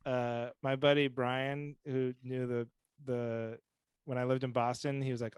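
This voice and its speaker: A man's voice: medium pitch, level tone, a little slow, clear, resonant tone, no room sound. Dry joking male podcast host. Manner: joking storyteller, acts out dialogue. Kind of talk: casual chat.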